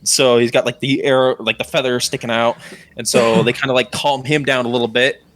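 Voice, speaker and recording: A man narrates a tabletop game as dungeon master in a bright, forceful voice. His delivery is casual and rambling, and filler words pile up as he describes the scene. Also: mid-range voice, flat delivery, a little fast.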